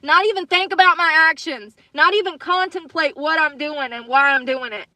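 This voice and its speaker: A woman with a high, bright, sharp voice pours out an angry, profane rant on a livestream, circling back to the same phrases. The sound is dry and close, with no room around it. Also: moderate pace, no echo. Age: adult with children. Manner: angry, swearing, repeating herself. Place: in her car.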